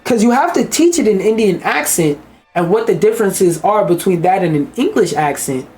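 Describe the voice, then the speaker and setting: A man's voice: high voice, a little mellow. A man giving a blunt, profane, ranting commentary as he reacts to a video.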